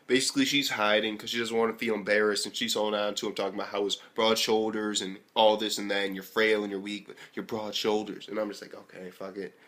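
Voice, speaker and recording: A young man from the US giving a casual anime review, telling stories animatedly and swearing constantly, jumping between loud outbursts and near-whispered asides. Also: fairly low pitch, little pitch movement, quick pace, few pauses. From United States. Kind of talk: casual profane review rant.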